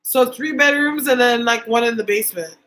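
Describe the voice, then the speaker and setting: A woman's voice: a little high, brisk, fairly bright tone, a little hiss or hum, poor audio. A young woman from Canada chatting casually with viewers on a livestream as a psychic medium host, reading their comments aloud.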